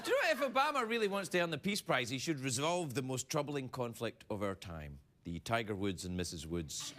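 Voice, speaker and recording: A man's voice: medium pitch, big pitch swings, fairly quick, few pauses. A man hosting a late-night show, delivering a playful, self-mocking comedy monologue in a TV studio. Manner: playful, self-mocking, with sudden put-on voices. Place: TV studio with live audience. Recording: studio audience laughter and noise.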